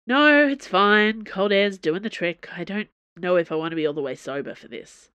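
A woman's voice: mid-range voice, normal speed, fairly bright tone, clear, resonant tone, no room sound, lightly acted. A woman voicing a drunk young student who speaks in a dry, sardonic way. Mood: groggy. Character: drunk, wry young student with foggy head.

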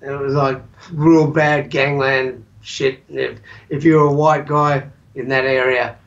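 An Australian man, a guest musician, telling rough anecdotes in casual chat and swearing freely. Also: medium pitch, little pitch movement, a little slow, a bit bright, lo-fi sound.

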